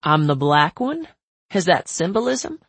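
A woman's voice: lowish voice, big pitch swings, unhurried, husky, no room sound, heavily acted. A woman voicing a joking, wry young man about to be married. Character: joking man, a family member's fiancé.

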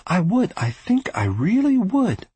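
A man's voice: high-pitched, wildly swooping pitch, measured pace, a little mellow, slightly rough, no echo, pitched above the performer's own voice, exaggerated voice. A man voicing a defensive middle-aged brother. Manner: earnest, defensive replies.

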